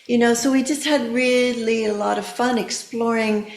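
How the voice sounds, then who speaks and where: A middle-aged woman, a therapeutic coach on a podcast, explaining gently with many fillers. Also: on the high side, steady tone, normal speed, few pauses, reverberant. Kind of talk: casual podcast conversation.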